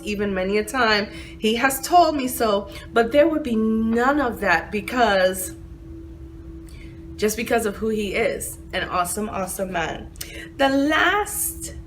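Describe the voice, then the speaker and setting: A woman's voice: medium pitch, a bit bright, a little hiss or hum. A woman hosting her own channel, talking earnestly about her father, stressing words by repeating them, seated on a couch. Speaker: channel host. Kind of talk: heartfelt personal vlog talk. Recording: distant room sound.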